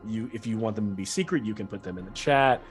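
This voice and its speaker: A man's voice: on the low side, quick pace, soft background music. A man running a tabletop game as game master, talking in a rambling, casual way with many self-corrections.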